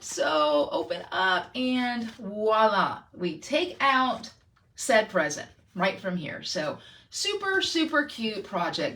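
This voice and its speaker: A woman's voice: medium pitch, a bit bright, slightly rough. A middle-aged woman, chatting through a craft tutorial and talking straight to her viewers. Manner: bubbly, self-deprecating, talks to viewers. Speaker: crafting channel host.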